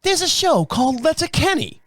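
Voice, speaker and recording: A man voicing a chatty woman behind a bar counter in a high, put-on voice. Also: sing-song, normal speed, a bit bright, no echo, studio quality, heavily acted. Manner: high-pitched falsetto-like impression.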